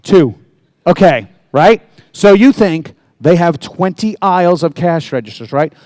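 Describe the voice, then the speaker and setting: A man answering questions at a convention panel, joking and swearing in a loose, animated rant. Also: on the high side, measured pace, dry recording. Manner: profane, animated, jokey. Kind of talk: casual fan Q&A, rambling rant.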